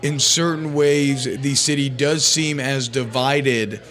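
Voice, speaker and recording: A man's voice: medium pitch, fairly even intonation, slow, a bit bright, soft background music. A man co-hosting a podcast, talking through ideas in a thoughtful, rambling way with frequent restarts. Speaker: podcast co-host. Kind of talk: casual chat.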